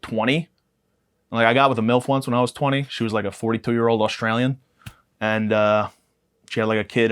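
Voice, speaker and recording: Young guy doing a crude rambling comedy bit on his podcast, deadpan, self-mocking, medium pitch. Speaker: podcast host. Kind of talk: comedic monologue.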